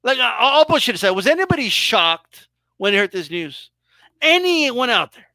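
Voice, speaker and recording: A man's voice: very high voice, big pitch swings, moderate pace, bright, forceful tone, no room sound. A man hosting a live boxing talk stream, talking casually and emphatically, swearing freely. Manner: emphatic, swearing, exaggerated mock reactions. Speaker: boxing show host.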